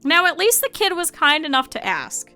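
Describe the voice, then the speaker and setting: Bright, high-voiced chatty young woman. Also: moderate pace, faint music behind. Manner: chatty, animated, laughs often. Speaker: VTuber streamer. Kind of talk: casual storytelling to stream chat.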